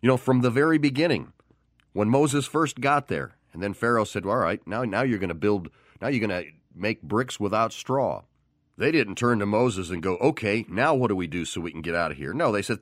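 A man's voice: fairly low pitch, normal speed, fairly bright tone, dry recording, clean studio sound. A man preaching a sermon, who tells the story with animation and acts out the voices of the people in it.

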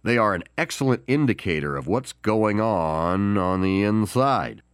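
A man hosting a Christian podcast, delivering an encouraging devotional talk with deliberate pauses and emphatic stress on key words. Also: lowish voice, lively intonation, clean tone, no room sound, clean studio sound. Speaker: podcast host.

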